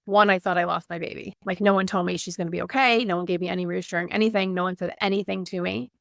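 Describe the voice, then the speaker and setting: A woman's voice: on the low side, fairly even intonation, quick pace, creaky, dry recording, clean studio sound. A woman in her thirties, a guest telling her personal story in an interview, candid and earnest, with lots of "like". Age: 30s.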